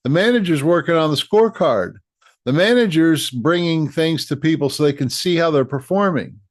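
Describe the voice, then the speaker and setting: A man's voice: on the high side, lively intonation, moderate pace, dry recording, clean studio sound. A middle-aged man giving a coaching talk on leadership, earnest and given to repeating and restarting his phrases. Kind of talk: direct-to-camera coaching talk.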